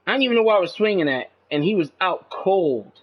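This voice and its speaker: High-voiced man venting, dull lo-fi sound. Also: expressive, fast talker. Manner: rambling and profane, says "man" often; agitated, pitch leaps up when indignant. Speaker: channel host. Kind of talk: casual venting monologue. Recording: dull lo-fi recording.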